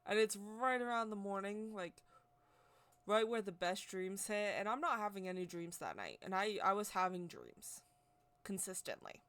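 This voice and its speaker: A woman vlogger telling a personal story in a casual, rambling, excitable way, with constant "like" fillers. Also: mid-range voice, normal speed, slight background noise. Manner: chatty, rambling, heavy use of "like"; excitable, animated retelling. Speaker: witchcraft vlogger.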